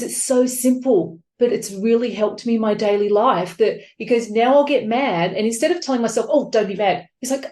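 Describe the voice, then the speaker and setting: A woman with a fairly high voice talks openly and with feeling about her book. She tells stories in an animated way and slips into other people's voices. The recording has a noticeable echo from the room. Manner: open, emotional, animated storytelling. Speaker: author guest. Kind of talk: podcast interview. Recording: echoey room.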